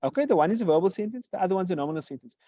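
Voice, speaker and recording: Grammar teacher, asks and answers own questions, mellow dark tone, dry dull lo-fi sound. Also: mid-range voice, lively intonation, no echo. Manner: repeats example phrases slowly. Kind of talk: classroom lecture. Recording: dull lo-fi recording.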